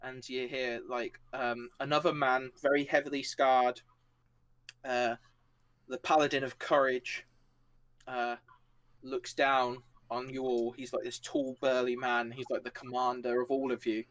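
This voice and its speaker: A man's voice: mid-range voice, little pitch movement, measured pace, fairly bright tone. A man narrating a tabletop game as game master, rambling with many fillers and laughing along. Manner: rambling, filler-heavy, laughing, acts out characters.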